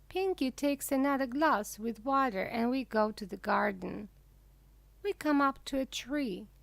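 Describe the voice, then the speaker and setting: A woman reading a children's storybook aloud slowly and clearly for English learners. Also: dry recording. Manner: clear, deliberate reading with lively pitch. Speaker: reader.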